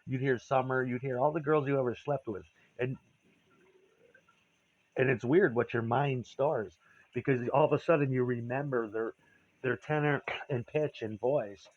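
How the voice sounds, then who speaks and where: A man's voice: mid-range voice, steady tone, normal speed. Profane rambling man, lo-fi recording. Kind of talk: candid personal monologue.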